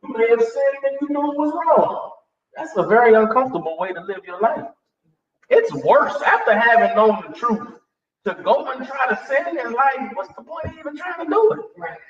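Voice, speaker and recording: A man's voice: very high-pitched, expressive, moderate pace. A man preaching a blunt sermon full of street slang. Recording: distant, echoey, dull recording.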